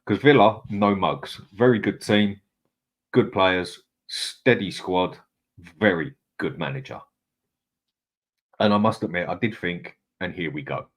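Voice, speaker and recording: Deep-voiced casual man. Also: takes it slowly, pauses often. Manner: chatty, reads out viewer comments, swears. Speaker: host. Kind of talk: casual live-stream chat.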